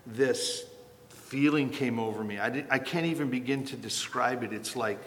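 A man preaching a sermon as pastor, earnest and emphatic with sudden loud peaks, in a church sanctuary. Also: medium pitch, moderate pace. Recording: long hall reverb from a church.

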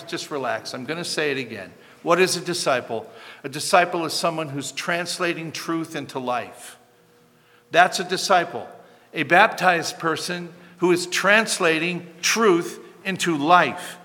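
A man preaching a sermon as pastor, emphatic and building to loud, animated passages. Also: on the high side, in a large hall.

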